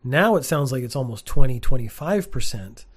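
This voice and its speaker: A man speaks in a relaxed, mid-pitched voice. He talks straight to camera in a plain, sparse room, blunt and opinionated, and fills his sentences with "like" and "uh". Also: normal speed, breathy edge. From Canada. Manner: opinionated, candid, with frequent "like" and "uh" fillers. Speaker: teacher and vlogger. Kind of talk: casual monologue to camera.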